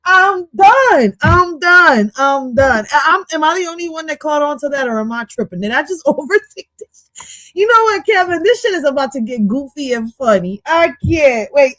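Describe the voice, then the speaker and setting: A woman's voice: high voice, a bit bright, no room sound. A woman reacting to a podcast clip on her stream, goofy and swearing, slipping into now and then. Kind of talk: casual reaction commentary.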